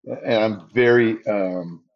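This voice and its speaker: A middle-aged man chats about announcing fights in a fairly low voice. He tells stories with lots of energy and jumps up high when he quotes himself. The sound is dull and lo-fi. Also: takes it slowly. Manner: animated storyteller, acts out his own quotes in a raised voice. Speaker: ring announcer, guest. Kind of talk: casual interview storytelling.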